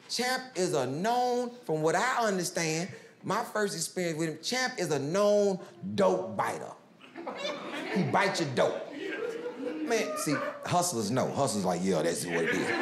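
A stand-up comedian from Houston, Texas tells stories at a large live comedy venue, animatedly acting out street characters with big swings in pitch. The roomy live stage recording carries loud crowd noise and audience laughter.

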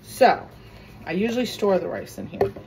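With lively intonation at a normal speed, a medium-pitched woman talks over background noise. She's a cooking vlogger having a casual chat in her home kitchen, venting about her pet peeves while she cooks.

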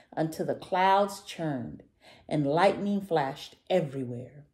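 A woman reading a children's picture book aloud. Her voice sits low but moves expressively, and she takes her time. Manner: slow, expressive. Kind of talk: storybook read-aloud.

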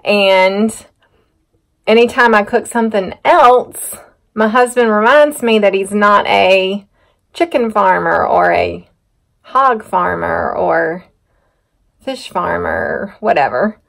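A woman's voice: medium pitch, animated, slow, vocal fry, fairly bright tone. Chatty farm woman. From North Carolina. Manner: chatty, rambling, self-teasing. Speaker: farm vlogger. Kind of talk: casual vlog chat to camera. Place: outdoors on a muddy farm, then a home kitchen.

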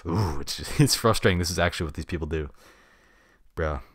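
A man hosting a casual solo podcast, blunt and slangy, swinging between loud opinionated bursts and mumbled asides. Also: low-pitched, quick pace, husky, no echo, studio quality. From United States. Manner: slangy and blunt, heavy on "dude" and "bruh". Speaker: podcast host.

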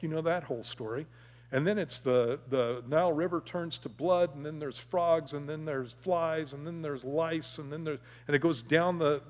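Joking pastor with a slightly high voice. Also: male voice. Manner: humorous, conversational storytelling. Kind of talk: sermon. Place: church sanctuary. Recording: long church reverb.

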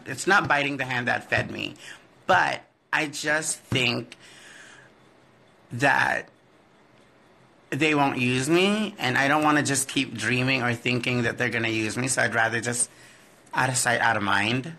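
A man's voice: medium pitch, unhurried, vocal fry, long pauses, sharp tone. A man who performs in drag, answering fan questions in a candid, profane live-stream chat and often trailing off with "I don't know.".

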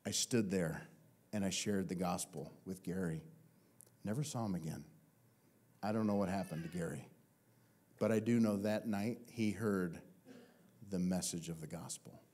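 A man preaching a sermon as pastor, telling a comic personal story with lively swings and self-mocking humor. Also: deep voice, normal speed, pauses often.

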